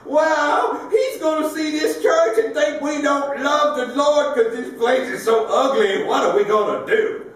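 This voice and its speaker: A man voicing a fussy little old church lady, fretting in a shrill, wailing falsetto. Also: unhurried, hardly any pauses. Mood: panicked. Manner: shrill and fretful, breaking into high wails. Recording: echoey hall from far off.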